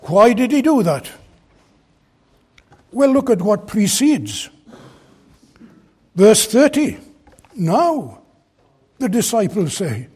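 A man's voice: high-pitched, sing-song, slow pace, long pauses, darkish tone, breathy edge. A man preaching an expository sermon from a pulpit, earnest and emphatic as he explains a Bible passage. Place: church pulpit.

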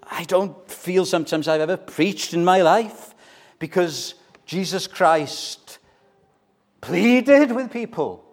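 A man preaching an evangelistic sermon, earnest and pleading, building to forceful appeals. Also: high-pitched, fairly even intonation, slow.

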